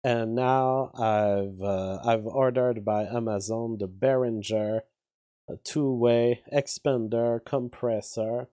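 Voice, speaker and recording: Here the same kind of YouTube commentator rambles through casual politics, full of fillers and restarts, and reads out chat comments. His medium-pitched voice is steady, dark, and unhurried. It's captured dry through a studio mic and outboard gear in his home studio.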